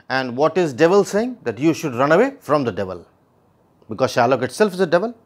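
A man's voice: medium pitch, very animated, brisk. A man teaching a play line by line, reading each passage and then restating it in plain words. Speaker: literature teacher.

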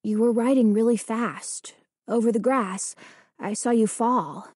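A soft, gentle boy's voice full of concern, as a woman reads his lines. The sound is dry and close, slightly husky, without any room around it. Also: on the high side, measured pace, dry recording. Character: concerned boy, gentle and worried.

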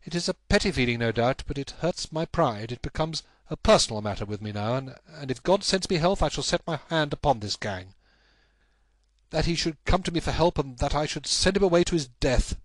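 A man's voice: on the high side, lively intonation, brisk, no echo, pitched above the performer's own voice. A man voicing a brilliant, intense Victorian male detective, speaking in a raised, emphatic, declamatory way. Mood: stung.

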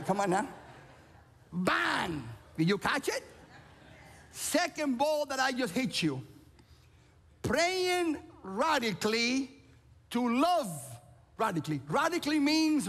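A man from Cuba preaching a sermon, playful and animated, calling out to people in the audience. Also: sits high, big-room sound. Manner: playful, animated, calls out to the crowd. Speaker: pastor. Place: large church auditorium.

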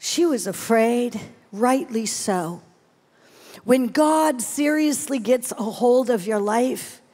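Middle-aged woman preaching to a big live crowd, high voice, takes her time, playful then hushed. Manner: animated, playful, shifts between exclamations and hushed tones. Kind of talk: sermon with personal testimony. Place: large event hall, live audience.

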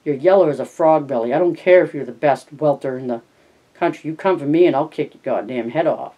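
A rough ranch hand from a storybook reading hurls blunt, mocking scorn, as a narrator puts him on. The voice is loud and mellow-toned. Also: mid-range voice, a little fast, close to an everyday voice, poor audio. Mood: scornful.

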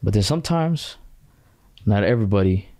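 A man's voice: fairly low pitch, animated, moderate pace, warm tone, no room sound, clean studio sound. A man speaking as a guest scholar on a podcast, talking bluntly in casual slang and dropping in Arabic quotes. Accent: British.

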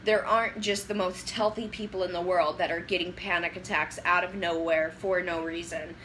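On a phone livestream, a young woman chats casually with viewers, rambling, giving advice and getting sidetracked in a loose way. Her lowish voice holds a steady, sharp tone at a moderate pace, and the low-quality phone-camera recording carries slight background noise.

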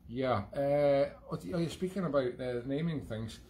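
A man's voice: medium pitch, moderate pace, warm tone, slight background noise. Chatty Scottish man rambling to viewers. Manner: chatty, digressive, self-mocking humour. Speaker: host of a live-streamed music show. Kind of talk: rambling casual monologue. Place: at home.

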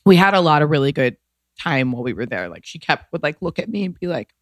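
A woman's voice: deep voice, sing-song, fast, no room sound. A woman in her thirties, a podcast guest, telling a personal story candidly, emotional and rambling, saying "like" often. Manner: emotional, rambling, heavy use of "like".

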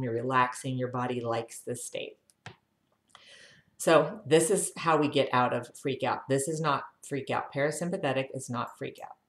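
A woman health educator leading viewers through a guided breathing lesson, talking calmly and counting breaths aloud. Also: sits low, roomy sound.

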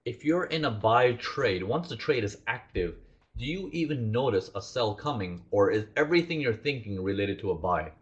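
A lowish male voice teaching a trading lesson, animated, quizzing his listeners and acting out what traders think. The audio is dull and lo-fi. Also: moderate pace. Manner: animated, acts out traders' thoughts, asks the audience questions. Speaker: trading instructor.

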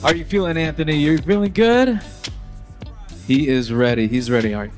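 A man's voice: fairly high pitch, expressive, normal speed, darkish tone, soft background music. A man acting as MC at a wedding reception, introducing speakers in an upbeat way. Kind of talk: event hosting.

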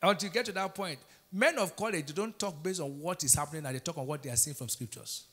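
A man's voice: fairly high pitch, quick pace, a bit bright. A middle-aged Nigerian man preaching a sermon as pastor, emphatic, with call-and-response questions to the congregation.

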